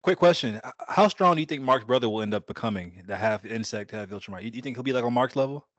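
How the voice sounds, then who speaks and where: Male co-host steering a casual podcast chat; rapid delivery, dry close recording. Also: medium pitch, lively intonation, no room sound, dull audio. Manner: leads the segments, asks quick questions.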